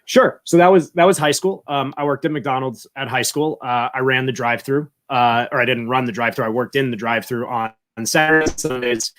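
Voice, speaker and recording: A man's voice: medium pitch, fairly even intonation, brisk, few pauses, fairly bright tone, faint music behind. A man answering interview questions casually, chatty and rambling through anecdotes with many fillers. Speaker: guest.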